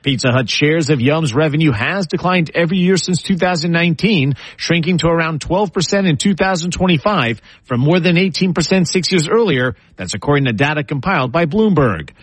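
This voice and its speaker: A man reading the news as a radio anchor in a measured, steady newsroom delivery. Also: on the high side, breathy edge, no echo, rough recording. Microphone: studio microphone.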